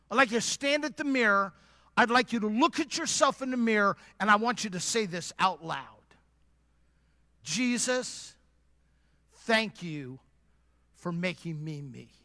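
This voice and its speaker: A man's voice: high-pitched, a bit bright, no room sound. A man preaching at a church conference, speaking emphatically and directly and repeating lines for emphasis. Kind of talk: preaching sermon.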